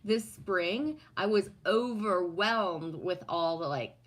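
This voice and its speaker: A woman's voice: mid-range voice, slow pace. A woman chatting casually to her livestream audience and reading out the chat, rambling and swearing freely. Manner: rambling, swears freely, acts out voices with laughs.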